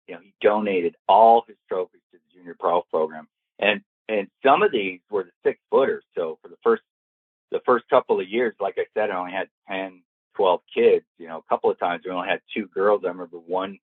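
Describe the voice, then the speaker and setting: Older male golf pro guest, lively storyteller, lowish voice, phone-line sound. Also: slightly rough, no echo. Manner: lively, acts out quoted lines in the story. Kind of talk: storytelling anecdote in an interview. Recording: tinny dry phone-like line.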